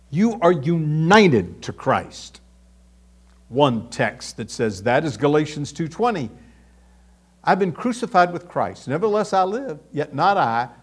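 A man preaching a sermon to a congregation, emphatic and building to loud peaks as he reads scripture and asks the audience questions. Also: on the high side, husky. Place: before a live congregation.

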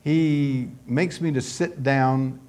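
Pastor, male, unhurried sermon delivery, mid pitch. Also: fairly even intonation, darkish tone. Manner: measured, storytelling delivery.

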